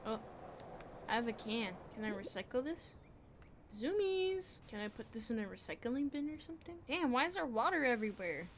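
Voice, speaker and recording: A woman's voice: on the high side, animated, fast talker, hardly any pauses, fairly bright tone, slight background noise. A young woman casually commenting on a game as she plays, playful and chatty with sing-song bits. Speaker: gaming streamer.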